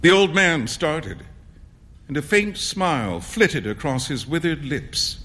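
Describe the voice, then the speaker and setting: A man narrating a classic story aloud with an expressive, storybook delivery. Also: fairly high pitch, takes it slowly, slight background noise.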